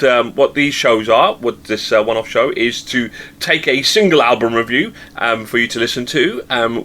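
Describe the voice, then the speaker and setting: A man hosts a casual rock review show with a bright, ringing voice. He talks in loose, rambling sentences full of ums and restarts. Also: lowish voice. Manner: rambling, many fillers. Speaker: show host.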